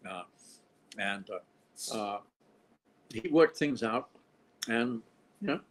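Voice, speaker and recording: A man's voice: fairly low pitch, lively intonation, takes it slowly, poor audio. An older man from Australia, a film director being interviewed, talking in a rambling way with dry, wry humor. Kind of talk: casual interview conversation.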